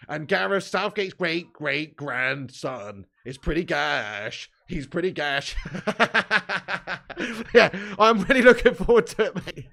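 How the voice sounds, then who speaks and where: A chatty man hosts a live football watch-along with a slightly high voice. He reads viewer comments aloud, teases the people who sent them and breaks into laughter often. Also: sing-song, slow pace, gravelly, fairly bright tone. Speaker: live stream host.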